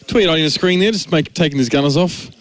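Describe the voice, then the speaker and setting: A man giving brisk play-by-play commentary on an esports match. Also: a little high. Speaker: esports caster.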